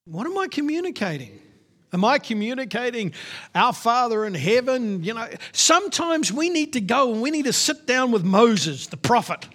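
A man's voice: extremely high pitch, sing-song, moderate pace, fairly bright tone. A male pastor preaching a sermon in an emphatic, conversational way, repeating his points.

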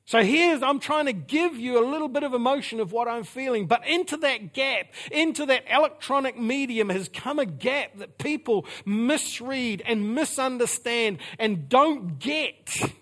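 Male preacher, higher-pitched voice, emphatic and repetitive delivery. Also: animated, unhurried. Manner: repetitive, emphatic preaching with sudden drops to quiet. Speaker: pastor. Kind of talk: sermon.

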